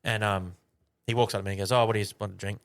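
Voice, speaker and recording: Casting: male podcast co-host, lowish voice, loose sweary storyteller. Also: fairly even intonation, rapid-fire, vocal fry, clear, resonant tone. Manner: swears a lot, acts out voices in anecdotes. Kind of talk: casual storytelling chat.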